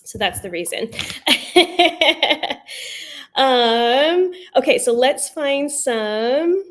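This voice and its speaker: A woman's voice: high-pitched, lively intonation, takes it slowly. A woman who founded a fragrance brand, hosting a live launch stream and chatting openly with viewers. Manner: chatty, emotional, addresses viewers as "you guys". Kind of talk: casual live-stream chat.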